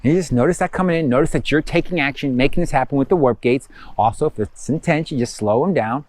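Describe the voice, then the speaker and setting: A man giving casual guided instruction as a spiritual teacher, rambling with many fillers and slowing down for affirmations. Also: mid-range voice, darkish tone.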